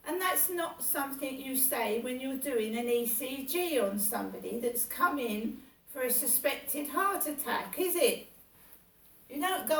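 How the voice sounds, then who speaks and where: A woman venting about how she has been mistreated, repeating herself with a steady grievance. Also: high-pitched, unhurried. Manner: aggrieved, repetitive, venting. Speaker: vlogger. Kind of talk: personal monologue. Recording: echoey room, far from mic.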